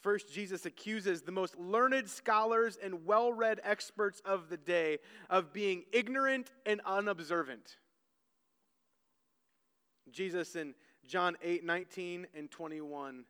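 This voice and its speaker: A male pastor preaching a sermon in a church, earnest and story-driven, often doubling words as he restarts. His voice is high for a man and comes across smooth and clear. It rings through the sanctuary with a long hall reverb. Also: a little slow, bright, forceful tone.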